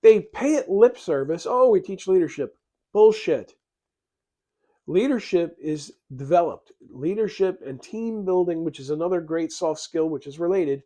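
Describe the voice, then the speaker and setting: A man's voice: fairly high pitch, expressive, unhurried, dark tone. A man giving an emphatic, plain-spoken motivational talk on leadership, acting out little bits of dialogue as he goes. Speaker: leadership educator.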